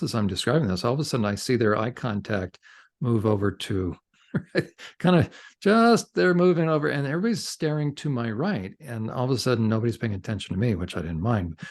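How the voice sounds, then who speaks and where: A middle-aged counselor appearing as a podcast guest tells a story conversationally, animated and gesturing with his hands. His voice is medium in pitch.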